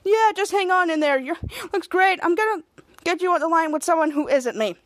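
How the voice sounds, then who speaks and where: A woman's voice: extremely high pitch, a little fast, a bit bright, no room sound. A woman voicing a fussy, worried young heroine who talks in a soothing, fussing way.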